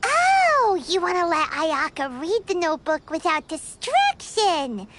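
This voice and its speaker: A woman voicing a tiny, chirpy and excitable fairy companion in a video game, with a high squeaky voice and a habit of talking about herself in the third person. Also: unhurried, background noise, full character voice. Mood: curious. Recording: game audio with background music. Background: game music.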